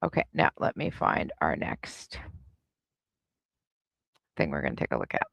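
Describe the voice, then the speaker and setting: A woman's voice: rumbling low, wildly swooping pitch, unhurried, vocal fry, fairly bright tone, no echo, lo-fi sound. A woman hosting a live reaction stream, giving sarcastic, snarky commentary.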